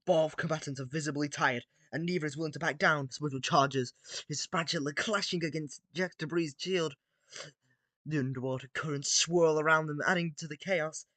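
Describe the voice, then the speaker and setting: Guy reading out a battle story, trips on words, kinda high voice, dry close sound. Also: fairly even intonation, moderate pace, bright, forceful tone, no echo. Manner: stumbling over words, self-mocking asides. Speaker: reader of an AI-written battle story. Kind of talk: casual read-aloud commentary.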